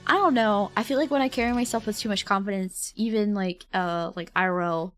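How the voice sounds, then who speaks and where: A woman's voice: mid-range voice, a little fast, faint music behind. A young woman streamer chatting casually with viewers, rambling and reflective, with lots of "like" and "I don't know". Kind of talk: casual chat reading viewer comments.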